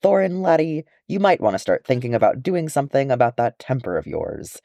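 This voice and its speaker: An old dwarf, kindly but worn out, as a man reads him, pitched up and teasing. A dry, close recording. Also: sing-song, a little fast, vocal fry, warm tone, dry recording.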